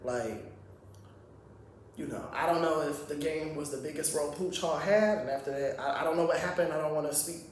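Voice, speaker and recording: A man's voice: fairly high pitch, a little fast, recorded from a distance, slight background noise. A man giving a blunt, profane, rambling casual opinion monologue as a reality TV commentator. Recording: very echoey room, off-mic.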